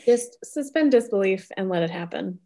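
A woman's voice: medium pitch, animated, normal speed, mellow. A chatty woman co-hosting a podcast, easygoing and casual. She laughs often and acts out her own reactions as she talks. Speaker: podcast co-host. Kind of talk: casual chat.

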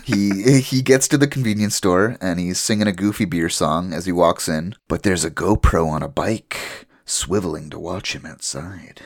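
Chatty podcast host, male, low voice, casual storyteller. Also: moderate pace, hardly any pauses. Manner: chatty storytelling, laughs at his own jokes. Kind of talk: casual episode recap.

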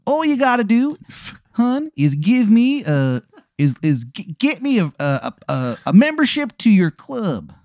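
A strange know-it-all stranger who drawls and wheedles high up in his voice, with a bad fake Maryland accent, as a man puts him on for a comedy bit. His pitch swings around widely and lands in a dry, close room. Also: sing-song, a little slow, darkish tone, dry recording, heavily acted. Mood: wheedling. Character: seedy oddball man who knows every answer.

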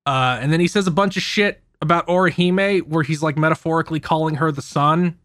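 A man hosting a podcast who casually recaps an anime, telling it in an animated, profane way. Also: a little high, fairly quick, no room sound, clean studio sound. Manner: animated, profane storytelling with frequent laughs. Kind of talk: casual chat.

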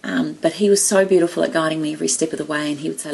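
Gravelly lower-voiced woman telling stories. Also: quick pace, few pauses, a little hiss or hum, rough recording. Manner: warm storytelling, emotional, quotes others animatedly. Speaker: guest. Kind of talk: casual chat.

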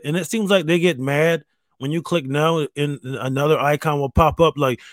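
A man's voice: fairly high pitch, dry recording. Profane ranting man, dry close sound. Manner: profane, exasperated, mocking; halting restarts, mimics voices. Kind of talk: casual solo rant.

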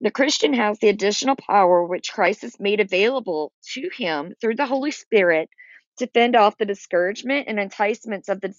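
A woman teaches from scripture, reading passages aloud and then explaining them in everyday words. Her voice sits at a middle pitch. The recording is dry and somewhat muffled, with no room sound. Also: animated, brisk, no echo. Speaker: Bible teacher. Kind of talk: Bible study teaching.

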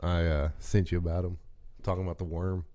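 A man's voice: low-pitched, a little fast. A man chatting casually about football, telling a story and acting out the quoted lines. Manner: animated storyteller, acts out quotes. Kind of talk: casual sports chat.

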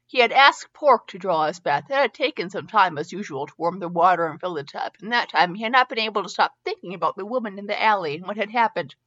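A middle-aged woman reads a fanfiction story aloud, her voice bright and sharp. She often trips over words and starts again. The recording is muffled and lo-fi. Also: mid-range voice, animated, quick pace, few pauses. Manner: stumbles and restarts often, chatty asides. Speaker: fanfiction reader and podcast host. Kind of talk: reading a story aloud with asides.

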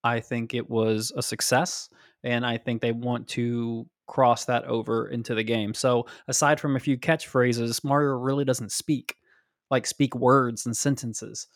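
Podcast co-host: man, mid pitch, chatty theorizer with long explanations, dry close mic. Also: flat delivery, measured pace, dry recording. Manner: speculative, talks in long run-on explanations. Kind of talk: casual chat.

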